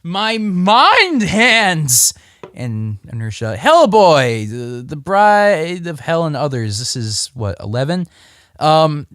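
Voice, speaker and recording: A man's voice: a little high, smooth, dry recording, clean studio sound. A man casually reviewing comic books on his vlog, rambling and throwing in crude jokes. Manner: rambling, joking, crude asides.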